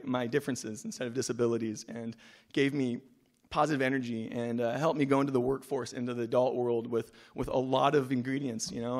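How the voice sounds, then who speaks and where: A man speaks quickly at a school breakfast, in a gravelly voice. He rambles in a conversational way and keeps reaching for homespun comparisons. His pitch is middling. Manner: rambling and conversational, full of "you know" and homespun analogies. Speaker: alumnus giving a speech. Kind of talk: informal speech at a breakfast event.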